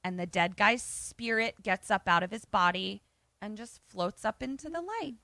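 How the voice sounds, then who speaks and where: A woman's voice: mid-range voice, moderate pace, gravelly, no room sound. A woman co-hosting a podcast, casually recapping a movie and acting out the characters' lines. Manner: animated retelling, acts out characters' lines. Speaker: podcast co-host.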